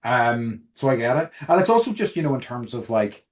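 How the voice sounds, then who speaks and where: A man's voice: mid-range voice, big pitch swings, a little fast. A man hosting a podcast, opening the show and chatting in an easygoing, supportive way. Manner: easygoing and supportive, with short encouraging replies. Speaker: podcast host. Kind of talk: casual chat.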